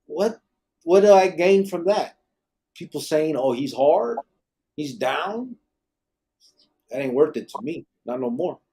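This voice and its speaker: Blunt, swearing man, dark voice. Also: on the high side, animated, slow, long pauses. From Arizona, USA. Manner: blunt and emphatic, heavy swearing, slang. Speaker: podcast host, former gang member. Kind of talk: live podcast talk, reading viewer comments.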